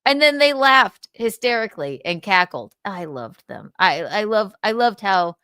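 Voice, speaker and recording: A woman's voice: medium pitch, big pitch swings, a little slow, pushed and bright, clean tone, dry recording, studio quality. A woman hosting a live stream, telling a story in a casual way and laughing often.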